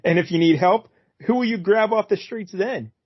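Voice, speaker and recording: A man voicing a determined young woman superhero, reading her comic dialogue in an earnest, calm way. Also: sits high, moderate pace, breathy edge, no room sound, voice pushed up. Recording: dull, dry, lo-fi.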